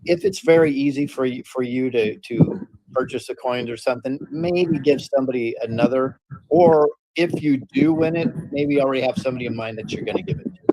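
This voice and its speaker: A man's voice: medium pitch, fairly quick. Chatty male host on a noisy stream. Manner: joking, chatty, stumbling restarts. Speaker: show host. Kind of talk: casual livestream chat.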